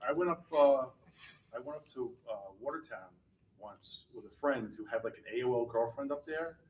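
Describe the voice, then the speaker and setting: A man's voice: mid-range voice, moderate pace. A man from New York State telling self-mocking anecdotes in a casual group chat. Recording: distant mic with faint ambience.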